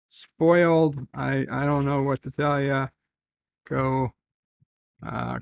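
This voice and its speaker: Male streamer, fairly high voice with a dry close sound, rambling casual chat. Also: gravelly, dry recording. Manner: rambling, reads chat aloud, thinks out loud. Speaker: live stream host. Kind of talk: casual livestream chat reading viewer comments.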